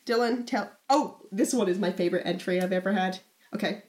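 A woman's voice: mid-range voice, fairly quick, darkish tone. A young woman co-hosting a casual chat, reading old diary entries aloud in a playful, teasing way.

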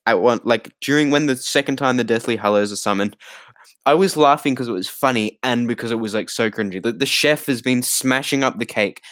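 Medium in pitch with a fairly bright tone, this male podcast co-host laughs and rambles through exasperated remarks while casually reviewing a bad movie. The sound is dry and low in quality.

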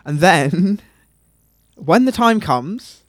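A man's voice: high-pitched, animated, very slow, dry recording, studio quality. A man hosting a podcast with casual, teasing chat, swearing freely and rattling off long lists, with hiccups. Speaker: podcast host.

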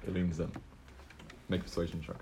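Deep-voiced game master. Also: male voice, little pitch movement, brisk, background noise. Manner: casual, laughing, filler-heavy narration. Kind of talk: narrating a tabletop game.

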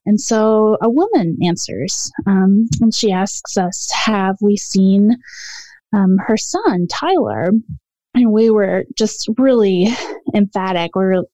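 A woman tells a childhood ghost story in a hesitant, meandering way, stopping often for ums and restarts. Her voice is mellow and soft-edged. The sound is dry, with no room around it. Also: medium pitch, lively intonation, takes it slowly, no room sound. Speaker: caller sharing a ghost story. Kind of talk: casual storytelling.

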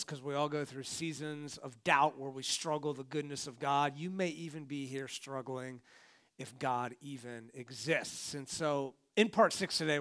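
A man's voice: medium pitch, fairly bright tone. A man, the pastor, preaching a conversational sermon from a church stage and talking straight to his congregation.

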